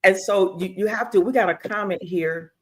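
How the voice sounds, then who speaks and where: A woman's voice: mid-range voice, moderate pace, a little hiss or hum, low-quality recording. A woman hosting a streamed interview show, reading out viewer comments and telling stories with playful mimicry. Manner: animated storyteller, playful mimicry. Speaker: host.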